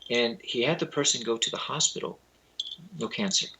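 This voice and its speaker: A man being interviewed as a spiritual teacher. He tells lively anecdotes in a casual way, acts out the people he quotes, and uses loose grammar. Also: medium pitch, moderate pace, a little hiss or hum, low-quality recording.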